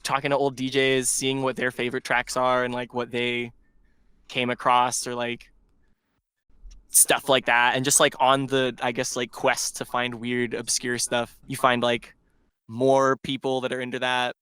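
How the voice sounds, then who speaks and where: A man's voice: mid-range voice, completely flat delivery, measured pace, sharp tone, clear, resonant tone, no room sound. A man who is a DJ, telling a long rambling story in casual podcast chat and filling it with "like". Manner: rambling storyteller, heavy "like" filler. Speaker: DJ guest.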